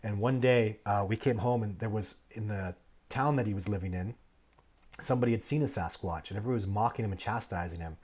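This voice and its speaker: Husky low-voiced guy on a live q&a, rambly stories, keeps restarting, gets loud then mutters. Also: fast. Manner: rambling, digressive storytelling with many restarts; swings between animated bursts and low, muttered asides. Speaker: livestream host answering viewer questions. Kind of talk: casual live Q&A chat.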